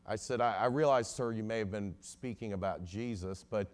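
A man preaching to a congregation, telling a long story and quoting the people in it, his loudness swelling and dropping as he goes. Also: lowish voice, moderate pace. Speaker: ministry lawyer preaching. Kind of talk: sermon storytelling.

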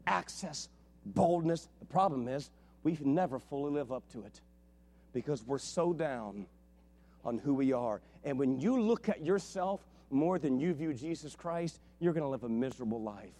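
A man in his thirties preaching a sermon, animated, swinging between hushed and loud, with homey family stories. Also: a little high. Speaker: pastor. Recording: hall reverb.

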